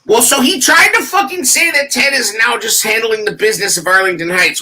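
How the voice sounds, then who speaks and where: A man co-hosting a casual sports talk show, telling stories in a profane, animated way that breaks into shouts. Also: high-pitched, a little fast, hardly any pauses, crowd noise. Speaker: podcast co-host.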